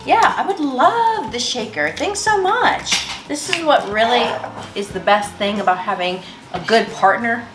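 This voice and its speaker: A woman's voice: on the high side, lively intonation, unhurried. A woman hosting a casual cooking vlog from her home kitchen, bubbly and joking, swearing casually as she goes. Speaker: host. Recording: echoey kitchen with music.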